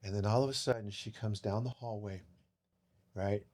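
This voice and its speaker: A man guest on a podcast, telling an emotional personal story, who swings from loud and animated to hushed and tearful and swears casually. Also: on the low side, normal speed. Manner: swears casually, calls listeners dude.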